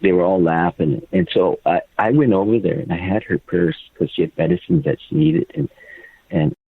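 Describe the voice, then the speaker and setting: Older man with a deep, gravelly voice on a phone line. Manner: halting, repeats words, stumbles when upset. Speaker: guest, father of the subject. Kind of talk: phone interview, personal account.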